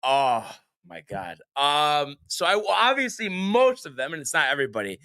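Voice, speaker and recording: A man hosting a casual sports podcast, heard close and dry. His voice is bright and fairly high, leaping up and down as he argues in an exasperated, teasing way. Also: normal speed, no echo. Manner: animated, exasperated ribbing. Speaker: podcast host.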